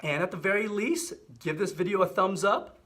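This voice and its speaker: A middle-aged man hosting a health channel, explaining and demonstrating a hand exercise in a relaxed, repetitive way with frequent fillers. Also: sits high, moderate pace. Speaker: physical therapy host. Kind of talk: casual instructional demonstration.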